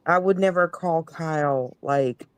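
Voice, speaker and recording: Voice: medium pitch, measured pace, smooth, no echo. A laid-back speaker in a casual chat, laughing easily and stumbling over repeated words.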